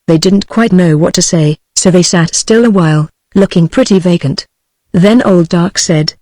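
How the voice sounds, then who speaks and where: A text-to-speech voice reads a classic novel aloud at a medium pitch. The delivery is even and unhurried, with no theatrical shading. The sound is dry and close, with no room around it. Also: dry recording. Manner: even, unhurried synthetic reading. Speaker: audiobook narrator. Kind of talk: text-to-speech audiobook narration.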